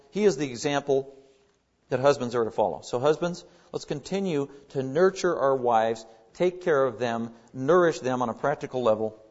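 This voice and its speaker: A man's voice: mid-range voice, a little mellow. Earnest man preaching, lo-fi recording. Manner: earnest, emphatic preaching with rising stress on key words. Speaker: pastor. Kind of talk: sermon.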